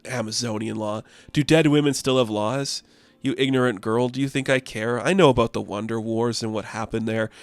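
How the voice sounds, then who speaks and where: A man's voice: medium pitch, fairly even intonation, normal speed, no echo, close to an everyday voice. A man voicing a cowardly older male tyrant king, sneering at first and then frantically pleading, during a casual comic book recap. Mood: scornful.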